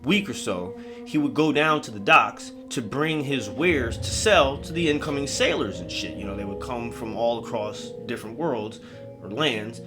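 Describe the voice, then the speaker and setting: A man's voice: mid-range voice, lively intonation, moderate pace, music in the background. A man telling a spooky story in a casual, comedic way, full of swearing and rambling asides.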